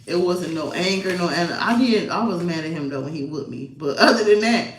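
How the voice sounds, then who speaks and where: A woman's voice: on the low side, expressive, a little fast, roomy sound, low-quality recording. A woman vlogger telling a personal story in a casual, rambling, emotional way. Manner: rambling, emotional, fillers and laughs.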